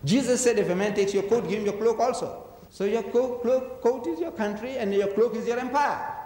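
A man's voice: very high voice, a little fast, dark tone. Man, public religious lecture, emphatic, rhetorical questions, roomy hall echo. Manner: emphatic, rhetorical questions, acts out voices in anecdotes. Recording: echoey hall reverb.

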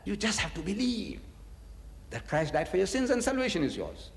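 Animated man preaching in echoey hall. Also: high voice, fairly quick, creaky. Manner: animated, rhetorical questions, chuckles often. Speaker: religious lecturer. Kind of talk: preaching lecture to an audience.

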